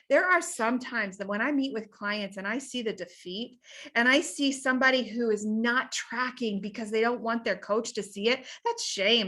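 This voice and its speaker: Woman coach, high bright voice, energetic folksy pep talk. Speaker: health coach. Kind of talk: motivational talk.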